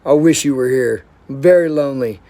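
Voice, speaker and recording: Gravelly-voiced blunt rambling man. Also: mid-range voice, fairly quick, dark tone. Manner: affectionate, heartfelt. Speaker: vlogger. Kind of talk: casual monologue to camera.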